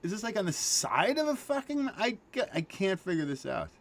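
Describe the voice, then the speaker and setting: A man hosting a casual livestream, excitable, swearing and laughing often, trailing off mid-sentence. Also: high voice, a little fast. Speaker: show host.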